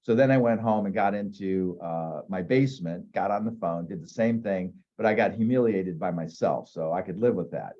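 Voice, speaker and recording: Low-voiced man telling candid stories. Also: animated, moderate pace, hardly any pauses, mellow, muffled recording. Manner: candid, self-deprecating storyteller. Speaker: real estate agent, interview guest. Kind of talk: casual storytelling interview.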